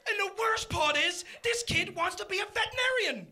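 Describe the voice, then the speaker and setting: A middle-aged man doing a live stand-up routine, punchy and loud, shouting his punchlines. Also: very high-pitched, animated, brisk, few pauses, a faint crowd, slight background noise. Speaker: stand-up comedian.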